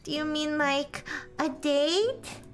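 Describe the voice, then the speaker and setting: A woman's voice: high-pitched, takes it slowly. Woman voicing a shy, tearful young schoolgirl. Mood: hopeful. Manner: anxious, clingy.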